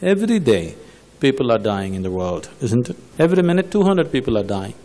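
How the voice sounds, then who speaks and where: A man's voice: medium pitch, very animated, brisk, warm tone. Indian man teaching in an echoing hall. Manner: storytelling, probing rhetorical questions. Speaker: spiritual teacher. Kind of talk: spiritual talk answering audience questions. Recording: long hall reverb.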